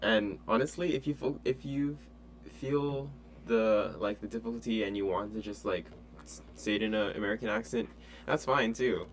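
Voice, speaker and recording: A man teaching an online French lesson in a relaxed, chatty way with many fillers. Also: fairly low pitch, moderate pace, a little hiss or hum.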